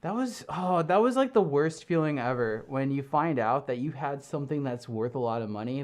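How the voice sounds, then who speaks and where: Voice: mid-range voice, a little mellow. Live streamer, giggly, rambling, casual chat, many fillers. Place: home streaming room.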